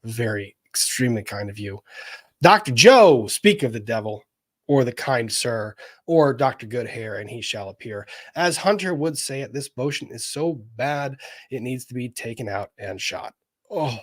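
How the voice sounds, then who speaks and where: A man with a mid-range voice hosts a live legal reaction stream. He reads viewer messages aloud and answers them with quick, wry humor. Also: mid-range voice. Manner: wry, animated, jokey asides. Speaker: lawyer streamer reading chat.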